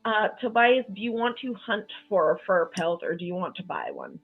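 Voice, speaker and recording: A woman game master running a tabletop session in a relaxed, matter-of-fact way. Her voice comes through a thin, phone-like line, with faint music behind her. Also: mid-range voice, normal speed, slightly rough. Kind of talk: casual tabletop game narration. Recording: muffled, phone-like call audio.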